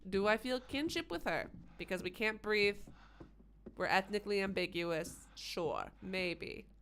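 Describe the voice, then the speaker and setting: A woman's voice: medium pitch, a little slow, a bit bright, slight background noise. Rambling, sarcastic woman streamer. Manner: rambling, sarcastic, swears freely. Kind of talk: casual gameplay commentary.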